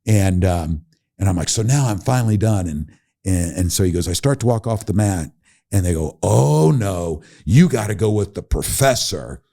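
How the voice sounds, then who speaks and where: A middle-aged man speaks as a podcast guest, his low voice swinging widely in pitch as he tells a story. He acts out the people he quotes and breaks into laughter along the way. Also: moderate pace. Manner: animated, laughing while telling a story, acting out quoted voices. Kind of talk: casual storytelling.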